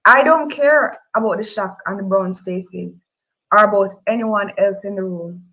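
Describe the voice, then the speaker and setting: A woman with a Jamaican accent reading a novel aloud in the first person, moving from a steady telling to high emotional cries. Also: measured pace, low-quality recording. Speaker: reader. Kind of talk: audiobook-style fiction reading.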